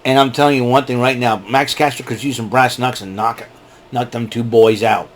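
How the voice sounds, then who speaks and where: At a moderate pace and medium pitch, a wrestling show reviewer delivers a casual recap that wanders. He's lively and laughs a lot at his own jokes.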